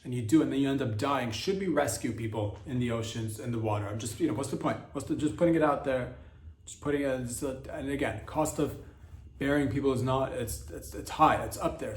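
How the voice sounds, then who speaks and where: A man's voice: mid-range voice, darkish tone. A man hosting a comedy podcast, riffing in a rambling, crude monologue packed with fillers and self-corrections. His voice sits mid-range, with a roomy echo around it. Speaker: podcast host.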